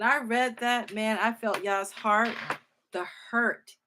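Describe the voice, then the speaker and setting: A woman teaches from scripture in a relaxed, thinking-aloud way, correcting herself as she goes. Her voice is fairly high and bright. She speaks unhurriedly, leaning hard into key words. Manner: reads scripture slowly, then speaks with emotional emphasis. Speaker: Bible teacher.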